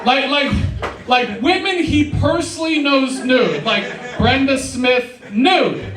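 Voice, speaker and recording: High-voiced young man doing stand-up. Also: animated, slow pace, noisy background. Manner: casual, says "dude" often. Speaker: stand-up comedian. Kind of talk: stand-up comedy set. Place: live comedy show before an audience. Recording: roomy live sound, mic at a distance.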